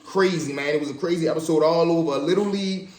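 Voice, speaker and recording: A man telling stories from his own life in a casual, animated way, acting out the voices of the people in them. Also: fairly high pitch, fast, roomy sound. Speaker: storyteller. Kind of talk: casual spoken storytelling.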